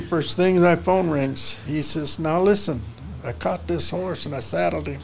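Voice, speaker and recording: Older man, horse trainer, folksy salty storytelling, slightly high voice, faint hiss. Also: moderate pace, vocal fry. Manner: folksy, salty ranch talk with frequent laughs. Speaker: interview guest, horse trainer. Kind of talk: storytelling in casual conversation.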